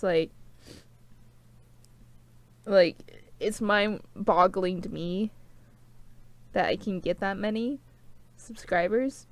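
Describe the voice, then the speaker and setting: A woman's voice: medium pitch, darkish tone, dry recording. A young woman vlogging to camera, sniffling and tearful, rambling with lots of "like" fillers. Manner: rambling, heavy use of "like". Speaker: small-channel vlogger. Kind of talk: rambling casual to-camera chat.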